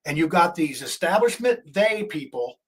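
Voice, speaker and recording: A man's voice: fairly high pitch, very animated, normal speed, a bit bright, a little hiss or hum. Indignant talk show host, a man. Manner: indignant, rambling, restarts often. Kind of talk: political commentary.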